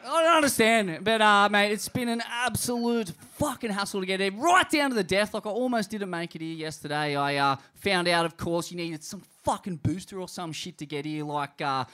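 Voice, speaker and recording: Loud, crude Australian man ranting. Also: high voice, animated, fairly quick, few pauses. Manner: crude profane rant, shouting punchlines. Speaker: comedy podcast co-host. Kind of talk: live comedy podcast storytelling. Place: live show in a pub.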